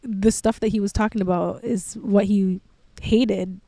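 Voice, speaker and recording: A woman's voice: medium pitch, fairly even intonation, unhurried, dark tone, no room sound. Candid young woman telling a personal story. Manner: candid, filler-heavy with frequent "like". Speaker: podcast host.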